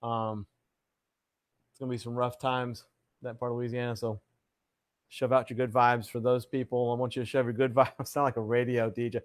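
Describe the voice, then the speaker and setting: A man's voice: medium pitch, level tone, a little fast, long pauses. A man hosting a casual live chat show, greeting viewers with showman flair and reading their comments aloud. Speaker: livestream host.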